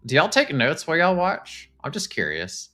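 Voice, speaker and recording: A man, casually chatting to his live-stream viewers while touring game houses, excitable and talkative. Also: a little high, moderate pace, soft background music. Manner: chatty, excitable, talks to chat.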